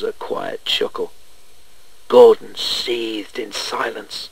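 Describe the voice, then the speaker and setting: A man reading a children's train storybook aloud in an expressive way. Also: mid-range voice, a little slow, slightly rough, poor audio.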